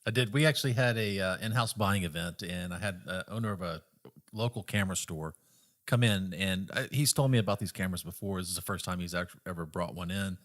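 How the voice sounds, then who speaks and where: A man guesting on a casual chat, telling a story in a relaxed, hesitant way. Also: deep voice, fairly quick. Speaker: guest from a camera dealer.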